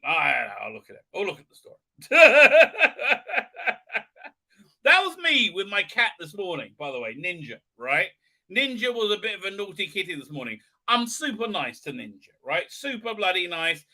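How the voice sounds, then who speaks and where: A man's voice: high-pitched, big pitch swings, a little fast, bright, forceful tone. A man hosting a live stream, chatting casually in a rambling, sarcastic and self-mockingly grumpy way, swearing freely.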